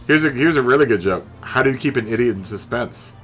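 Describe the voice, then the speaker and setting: A man chatting with his live-stream viewers in a loose, rambling way, his pitch swinging widely. He laughs at his own jokes and talks through a studio mic, with faint music playing behind him. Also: fairly bright tone. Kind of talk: casual chat with live chat viewers. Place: home streaming setup. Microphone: studio mic through a mixer.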